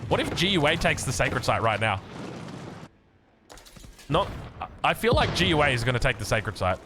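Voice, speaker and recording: With background noise behind him, an Australian game caster calls a strategy match at normal speed in a mid-range voice. He's excitable and chats to the players, his pitch leaping up when something surprises him.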